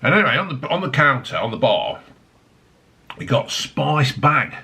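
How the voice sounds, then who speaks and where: Sweary rambling man with a lively voice. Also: mid-range voice, moderate pace, gravelly. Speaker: drinks reviewer. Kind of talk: casual review vlog. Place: home desk.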